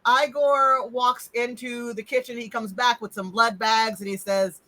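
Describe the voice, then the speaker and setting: A man's voice: very high voice, little pitch movement, a little slow, bright, forceful tone, low-quality recording. A man running a tabletop game as game master, narrating scenes loosely and playfully.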